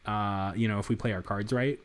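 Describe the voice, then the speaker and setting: A man's voice: on the low side, fairly even intonation, brisk. A man giving let's play commentary in a city apartment, thinking aloud in a rambling way with frequent restarts. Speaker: gamer.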